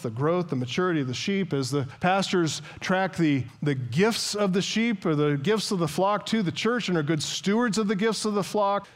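A man preaching an earnest expository sermon as a pastor, reading scripture aloud and explaining it. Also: fairly high pitch.

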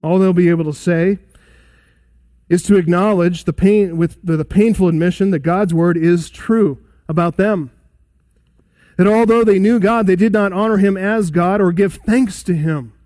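A man with a fairly high voice preaches an expository sermon. He is emphatic, then sinks into hushed, solemn asides. The sound is dry and close to the mic. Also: normal speed, no echo. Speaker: pastor.

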